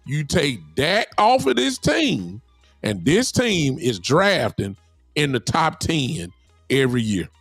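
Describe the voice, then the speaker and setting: Gravelly, insistent sports-talk man. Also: a little high, sing-song, slow, a bit bright, no echo, soft background music. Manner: preachy, insistent, slangy. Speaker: sports podcast co-host.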